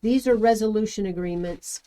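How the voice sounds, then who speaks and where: A woman's voice: mid-range voice, normal speed, dark tone. A woman guest in a casual talk, earnest and prone to digressions while giving warnings. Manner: earnest, digresses, warns listeners seriously. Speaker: guest, medical compliance worker. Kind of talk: casual chat.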